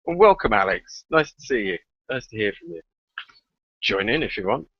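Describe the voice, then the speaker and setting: A man's voice: on the low side, big pitch swings, normal speed, fairly bright tone, breathy edge, no echo, lo-fi sound. A man hosting a casual podcast in a friendly, easygoing way, with light hesitations. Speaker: podcast host. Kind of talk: casual chat.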